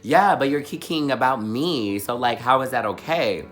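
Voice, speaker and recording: A young man spins a dramatic storytime for his vlog with a bright, forceful tone. His delivery is animated and peppered with fillers. Faint music plays underneath. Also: medium pitch, normal speed. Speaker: vlogger.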